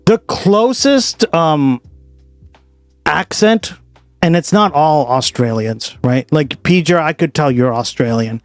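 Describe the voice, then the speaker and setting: A man's voice: on the high side, lively intonation, takes it slowly, no echo, soft background music. A man hosting a stream, chatting casually and reacting to his viewers. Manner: laid-back, reacting to chat. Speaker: streamer host.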